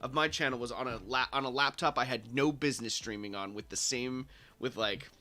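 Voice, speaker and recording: A man chatting on a livestream from a home studio, laughing often and talking excitably with many restarts. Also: mid-range voice, brisk, background noise. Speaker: guest co-host. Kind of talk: casual livestream chat. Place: home studio in a bedroom corner.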